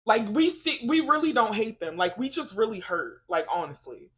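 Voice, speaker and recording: A woman vlogging in a casual, faith-based chat, telling stories in an animated, emotional way with lots of laughter and "like". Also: on the high side, normal speed. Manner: chatty storytelling, lots of "like".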